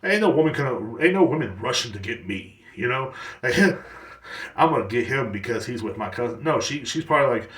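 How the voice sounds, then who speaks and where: A man's voice: medium pitch, lively intonation, brisk, a bit bright, roomy sound, recorded from a distance. Rambling, profane man in his thirties. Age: 30s. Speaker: podcast host. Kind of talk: casual solo podcast monologue.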